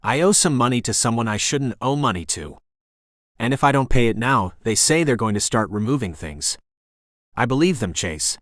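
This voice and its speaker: A man's voice: mid-range voice, animated, moderate pace, fairly bright tone, dry recording, clean studio sound, close to an everyday voice. A man voicing a frightened, battered young man who pleads vulnerably in an audiobook. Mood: pleading.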